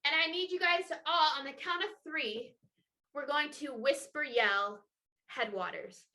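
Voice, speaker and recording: Bubbly high-voiced woman teaching kids. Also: a little slow. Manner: energetic, encouraging, playful. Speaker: children's water festival educator. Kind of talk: upbeat lesson for children with movements. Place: home, indoors. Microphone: video call.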